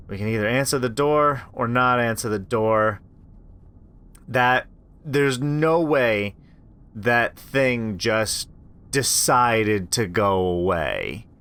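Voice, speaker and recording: A man reading a horror visual novel aloud, reacting and joking between lines, into a desktop microphone. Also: on the low side. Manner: expressive, reacts aloud, swears. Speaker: let's play host.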